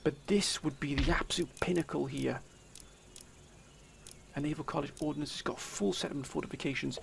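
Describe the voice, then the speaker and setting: A man with a very gravelly, slightly high voice talks through his strategy game. He plays the commander, theatrically calling his listeners sir and gentlemen. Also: a little fast, slight background noise. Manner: theatrical, addresses viewers as 'sir' and 'gentlemen'. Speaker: let's play commentator. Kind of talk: game commentary.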